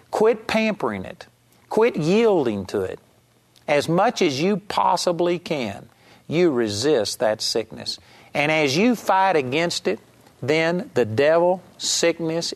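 A man preaching a sermon, urging his listeners with emphatic, repeated exhortations. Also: on the high side. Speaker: Bible teacher. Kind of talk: sermon teaching.

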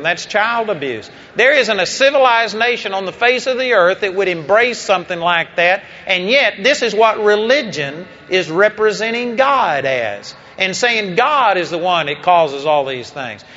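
A man's voice: high voice, animated, normal speed, few pauses, sharp tone. A man preaching a sermon, telling a story with impassioned, emphatic delivery. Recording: dull lo-fi recording.

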